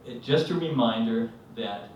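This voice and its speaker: A man's voice: mid-range voice, a little slow, muffled recording, a little hiss or hum. A man telling a rambling personal story at a live storytelling event, acting out the voices in it. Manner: rambling, animated, acts out quotes. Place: live event venue, indoors. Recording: echoey hall, mic from a distance.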